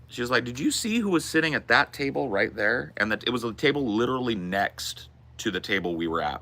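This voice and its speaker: Deep-voiced man telling a loose story. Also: sharp tone. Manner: loose, profane, rambling anecdote telling. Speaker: podcast host. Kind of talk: casual storytelling.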